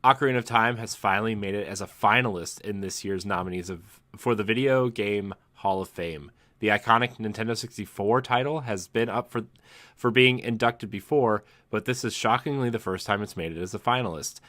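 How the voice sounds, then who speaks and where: A man's voice: lowish voice, brisk, fairly bright tone, no echo. A man hosting a casual gaming podcast, steering the chat and reading news headlines aloud. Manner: steers the talk, reads news items aloud. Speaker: podcast host.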